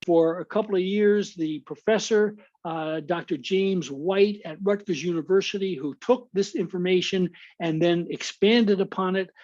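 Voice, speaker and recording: A man's voice: sits high, normal speed, few pauses, darkish tone. American guy explaining slides in a webinar, lots of uhs, kinda dull lo-fi call audio. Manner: explanatory, many filler uhs and restarts. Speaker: guest speaker. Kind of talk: webinar lecture.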